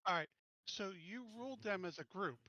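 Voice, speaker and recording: A man's voice: sits high, lively intonation, moderate pace, bright, forceful tone, lo-fi sound. A man playing at a tabletop game, stammering as he argues over the rules. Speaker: player. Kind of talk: casual game table chat.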